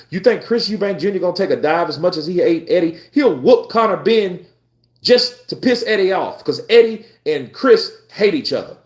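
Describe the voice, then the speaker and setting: A man hosting a live boxing stream, chatting casually with his viewers in a blunt, profane, animated way. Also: a little high. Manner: animated, profane, talks back to chat. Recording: roomy echo.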